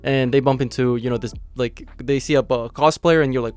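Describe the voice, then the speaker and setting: A man with a hoarse, raspy voice from being sick, hosting a casual, upbeat manga chapter review and peppering his talk with "you know.". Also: mid-range voice, steady tone, brisk, few pauses, darkish tone. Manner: upbeat and chatty, full of "you know" fillers and laughs. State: hoarse from illness. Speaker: anime channel host.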